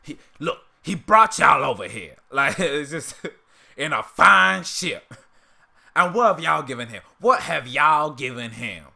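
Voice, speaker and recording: A man doing a ranting old bigot straight out of a cartoon, pushing his voice into a strained, bright, emphatic preach. it has a hard forceful edge, and every line lands like a sermon from a hateful old uncle. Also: fairly high pitch, expressive, measured pace, vocal fry, pitched above the performer's own voice, exaggerated voice. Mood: preachy.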